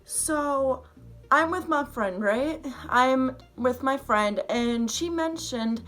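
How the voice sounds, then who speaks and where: A young woman telling a storytime vlog in an excited, rambling, swearing way. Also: high voice, slow pace, soft background music. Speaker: vlogger.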